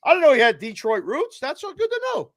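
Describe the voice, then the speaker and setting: A male host on a live show, cheerfully reading out viewer shout-outs with names and area codes. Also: very high voice, huge pitch swings, fast, no room sound, clean studio sound.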